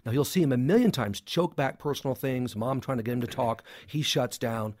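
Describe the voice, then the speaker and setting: A man's voice: medium pitch, fairly quick, darkish tone, no echo. A man who is a clinical psychologist, talking as a guest in an interview, making his points in short, emphatic sentences with some humor. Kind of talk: interview conversation.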